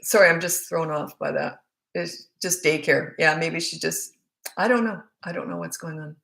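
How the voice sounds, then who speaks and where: A woman's voice: low voice, moderate pace, gravelly, a bit bright. Blunt chatty woman, roomy echo. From Australia. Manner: chatty, blunt, reads out comments and answers them directly. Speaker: parenting coach answering viewer questions. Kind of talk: casual live Q&A chat.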